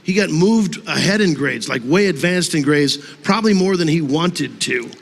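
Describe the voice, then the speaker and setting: A man's voice: a little high, lively intonation, moderate pace, gravelly. A man in an interview, reminiscing about a colleague in an earnest, easygoing, conversational way. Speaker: interview guest. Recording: long hall reverb.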